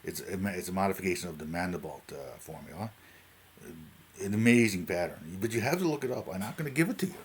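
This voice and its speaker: Deep-voiced Newfoundland guy, late forties, rambling unprepped vlog. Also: lively intonation, fast, slightly rough. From Newfoundland, Canada. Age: 40s. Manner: rambling, jumps between tangents, keeps asking "right?". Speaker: vlogger. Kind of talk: unscripted talk to camera.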